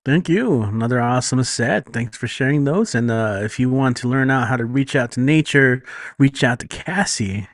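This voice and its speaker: A man hosting an online open mic, relaxed and chatty, with lots of fillers. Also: medium pitch, a little slow, dry recording, clean studio sound. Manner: laid-back, lots of fillers and "you know what I'm saying". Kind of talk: casual chat. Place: home, online video call.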